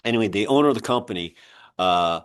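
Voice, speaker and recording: A man's voice: lowish voice, animated, fast, clear, resonant tone. Older man telling rambling stories. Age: 60s. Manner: rambling anecdotes with many fillers. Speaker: podcast host and magazine publisher. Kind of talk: casual storytelling interview.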